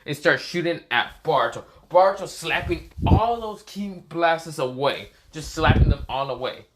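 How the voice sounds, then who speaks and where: A man's voice: fairly high pitch, expressive, normal speed, very noisy. A man casually telling an improvised fan story, rambling and correcting himself with many fillers.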